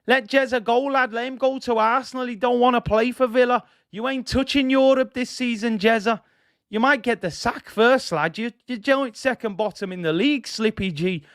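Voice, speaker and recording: A man's voice: very high voice, moderate pace, no echo, clean studio sound, voice pushed up. A man putting on a mocking Scouse voice. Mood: taunting. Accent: Scouse, put on. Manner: taunting, shouty, mocking. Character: brash male Liverpool football manager mocked.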